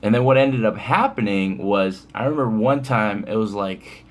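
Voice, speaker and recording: A man's voice: fairly low pitch, lively intonation, moderate pace. Laid-back man telling a profane story. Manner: laid-back, profane, rambling with many fillers. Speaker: vlogger. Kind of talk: casual storytime.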